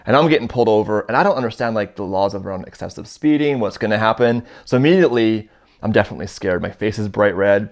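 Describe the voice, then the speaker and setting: A man's voice: lowish voice, fast talker. A man from Canada in his thirties, telling a casual first-person story and acting out the dialogue in it. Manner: animated, acts out quoted dialogue in his stories. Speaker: storyteller guest.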